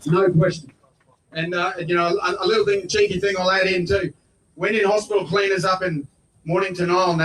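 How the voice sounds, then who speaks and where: A middle-aged Australian man, a politician giving a blunt, folksy speech at an outdoor rally that builds to shouted points. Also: sits high, a little hiss or hum. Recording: voice picked up from far off.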